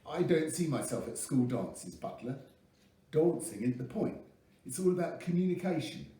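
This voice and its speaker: Guy doing a smug teen genius, prim and crisp, mellow tone, mic far off. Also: on the high side, expressive, normal speed, voice pushed up, lightly acted. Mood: aloof. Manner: crisp, formal, self-assured. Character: cool, precise teenage boy genius. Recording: echoey room, mic at a distance.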